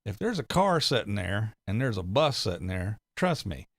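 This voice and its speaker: Low-voiced rambling middle-aged man. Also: big pitch swings, moderate pace, a bit bright, no echo, clean studio sound. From United States. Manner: laughs often, swears freely, rambling. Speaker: livestream host reading chat. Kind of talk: casual chat.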